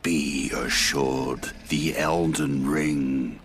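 A man's voice: steady tone, a little hiss or hum, full character voice. An actor playing an ancient, grim male warrior-king boss in a video game, speaking in solemn archaic words. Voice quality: deep gravelly archaic speech. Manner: solemn, slow and grandiose. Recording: game audio under loud music.

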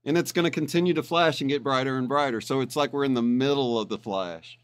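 A man's voice: medium pitch, fast talker, clean tone. A man who is a guest on a podcast, explaining his ideas in a thoughtful way. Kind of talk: podcast conversation.

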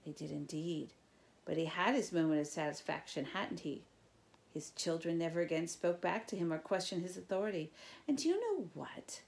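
Spiteful old male villain as read by a woman: croaking, gravelly hushed menace with sudden loud orders. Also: on the low side, expressive. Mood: menacing. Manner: slow, sly storytelling with sudden loud orders. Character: sinister old male king, spiteful and gloating.

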